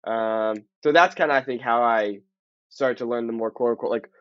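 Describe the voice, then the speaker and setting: A man's voice: mid-range voice, normal speed, a bit bright, smooth, no echo. A young man, telling stories as a guest and acting out his own quotes. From Southern California. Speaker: guest, language teacher. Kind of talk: casual interview chat. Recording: dull lo-fi audio.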